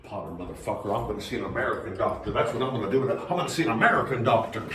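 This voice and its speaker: A man playing a frantic comedian patient who keeps slipping into loud, jumpy put-on voices. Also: rapid-fire, echoey room, recorded from a distance, noisy background, natural voice. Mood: rattled. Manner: frantic, loud, jumping pitch and pace between put-on voices. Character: manic male comedian lurching between impressions.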